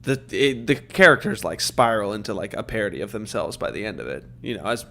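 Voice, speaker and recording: A man's voice: lowish voice, lively intonation, fairly quick, vocal fry, sharp tone, a little hiss or hum. A young man co-hosting a podcast in casual chat, rambling and thinking aloud with lots of fillers. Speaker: podcast co-host.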